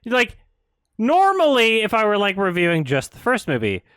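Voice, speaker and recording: A man's voice: wildly swooping pitch, normal speed, a bit bright, clear, resonant tone, dry recording. A man reviewing a film while he edits, ranting in frustration and laughing in disbelief. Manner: frustrated, laughing, pitch jumps up when outraged. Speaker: video reviewer. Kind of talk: exasperated ranting while editing.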